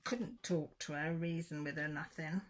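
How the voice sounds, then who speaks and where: A middle-aged woman with a fairly low voice, chatting away to her viewers. She tells her story in a loose, rambling way, often restarting and correcting herself mid-sentence. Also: steady tone, moderate pace. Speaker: craft vlogger. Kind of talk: casual chat, storytelling.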